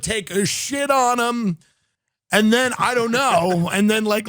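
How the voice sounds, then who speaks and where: A man hosts a comedy podcast, spinning a sarcastic, riffing rant. His voice sits high and sounds bright and forceful. The recording is dry and close. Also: dry recording. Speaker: podcast host.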